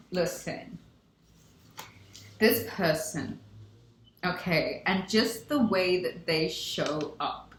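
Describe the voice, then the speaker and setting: Slow, gushing woman reading tarot. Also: medium pitch. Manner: effusive, gushing, repeats affirmations. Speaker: tarot reader. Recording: echoey room.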